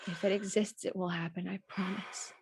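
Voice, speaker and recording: A woman's voice: medium pitch, flat delivery, normal speed, darkish tone, breathy edge, dry recording. A woman player speaking earnestly in character during tabletop role-play.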